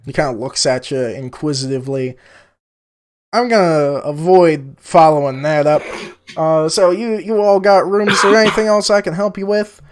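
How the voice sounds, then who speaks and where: A man's voice: fairly high pitch, moderate pace, smooth. A young man narrating as dungeon master, laughing and stammering as he goes. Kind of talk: narrating a tabletop game.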